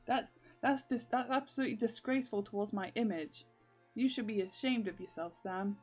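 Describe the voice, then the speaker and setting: A woman's voice: on the high side, fairly quick, darkish tone, breathy edge, faint music behind. A woman voicing an indignant, proud male comic character who scolds his creator. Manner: scolding, offended.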